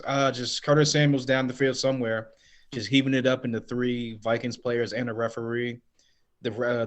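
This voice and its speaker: A man co-hosting a sports podcast, rambling with many fillers as he recalls a game. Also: medium pitch. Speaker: podcast co-host. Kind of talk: casual sports podcast chat.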